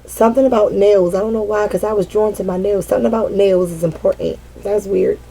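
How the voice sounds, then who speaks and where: A woman giving a casual, animated tarot reading, swearing freely and breaking into sassy asides as she voices the cards. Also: mid-range voice, fairly quick, poor audio. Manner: chatty and animated, swears freely and laughs often. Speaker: tarot card reader.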